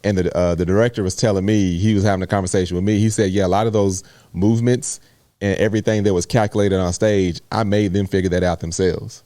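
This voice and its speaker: A man in casual chat, a proud parent telling an animated story full of slang. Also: deep voice, fast, dry recording.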